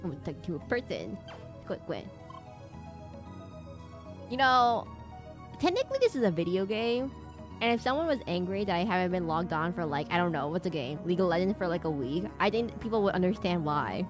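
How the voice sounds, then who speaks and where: A woman's voice: lowish voice, lively intonation, a little fast, soft background music. A woman streaming a video game, chatting casually in a rambling, giggly way with lots of "like" fillers. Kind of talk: casual gameplay commentary.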